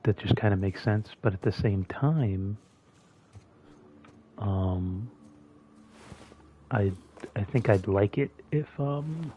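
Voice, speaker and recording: A man's voice: on the low side, takes it slowly, long pauses, muffled recording, a little hiss or hum. A man casually thinking aloud as he plays a game, talking with a mint in his mouth. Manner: mumbly and musing, thinking aloud. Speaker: gameplay streamer. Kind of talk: casual gameplay commentary.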